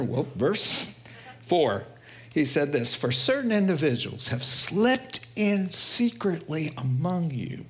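A male pastor with a New York accent preaching a sermon, animated, acting out quoted voices and swinging between loud and hushed delivery. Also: mid-range voice.

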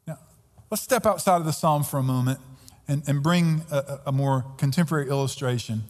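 High-voiced preaching man, echoing hall. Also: brisk. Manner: earnest, emphatic, frequent word repeats. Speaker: pastor. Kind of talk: sermon. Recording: long hall reverb.

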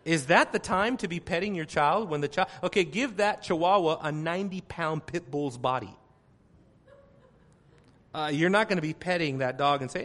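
A man in a church hall delivers a sermon to his congregation. His voice sits a little high for a man, and he preaches emphatically. He drops to quiet asides, then bursts into loud exclamations and hammers his points with repeated phrases. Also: normal speed.

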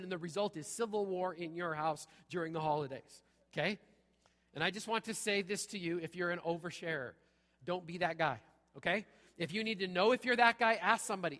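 Middle-aged male pastor, bright high-set voice, punchy conversational preaching, live church sound with long reverb. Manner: punchy, repeats "okay?" often. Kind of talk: sermon. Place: church sanctuary.

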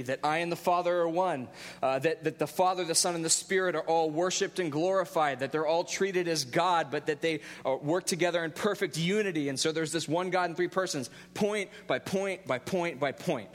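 A man in his thirties, a pastor, preaching a sermon in a relaxed storytelling way with self-deprecating humor. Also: on the high side, big-room sound.

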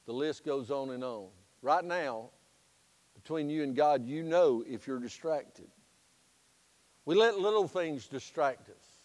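A man preaching a sermon as pastor, telling a folksy story in an animated storytelling manner. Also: on the high side, a little slow, big-room sound. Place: church sanctuary.

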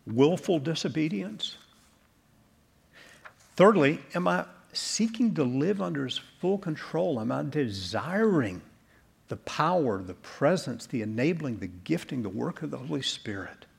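A male pastor delivering an earnest sermon in a church, closing in soft prayer. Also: fairly high pitch, expressive, a little slow, vocal fry, slightly rough.

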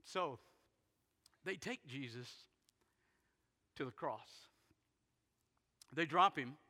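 A man preaching a sermon, retelling a story dramatically and swinging from loud bursts to hushed near-whispers. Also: mid-range voice, lively intonation, very slow. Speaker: pastor. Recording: long hall reverb in a big sanctuary.

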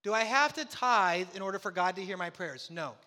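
Bright-voiced man preaching in a reverberant hall. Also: sits high, expressive, a little fast. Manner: emphatic preaching with rhetorical questions and quoted voice of God. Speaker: pastor. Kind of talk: sermon.

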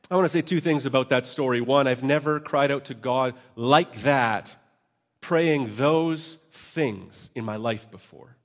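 A man's voice: mid-range voice, unhurried. A man preaching a sermon at a church service, earnest and emotional, with self-deprecating asides. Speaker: pastor.

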